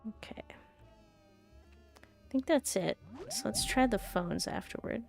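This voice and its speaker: Slow-talking woman streaming a game. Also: a little high, very animated, gravelly, a little mellow, soft background music. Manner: chatty, giggly asides. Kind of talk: casual game commentary.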